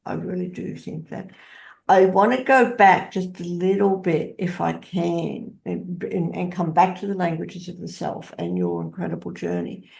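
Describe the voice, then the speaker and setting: A woman's voice: lowish voice, expressive, moderate pace, gravelly, few pauses, a little mellow. A woman hosting an interview, thanking her guest effusively and asking follow-up questions. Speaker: interview host.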